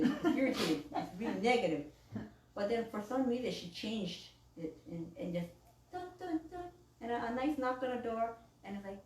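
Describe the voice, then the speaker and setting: A woman's voice: a little high, reverberant, far from the mic, rough recording. A woman minister giving a casual sermon, chatty, laughing often and acting out the voices she quotes.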